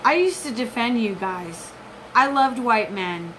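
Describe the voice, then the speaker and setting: A woman's voice: a little high, expressive, measured pace, fairly bright tone, slight background noise, rough recording. A woman in her forties giving an intense, rambling, profane personal monologue. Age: 40s. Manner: intense, rambling, profane, jumps between topics.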